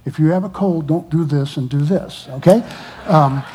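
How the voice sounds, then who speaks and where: A pastor speaking to his congregation, exhorting people not to go through hard times alone and pausing often with fillers. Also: fairly high pitch, dark tone, a little hiss or hum. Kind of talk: testimony to a church congregation.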